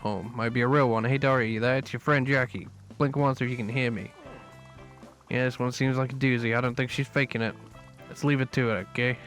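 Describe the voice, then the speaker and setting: A man's voice: mid-range voice, steady tone, fairly quick, a bit bright, close to an everyday voice. A man voicing a brash, foul-mouthed asylum orderly, reading game lines in a sarcastic, crude way. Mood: brash, mocking. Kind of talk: reading game dialogue aloud. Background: game music.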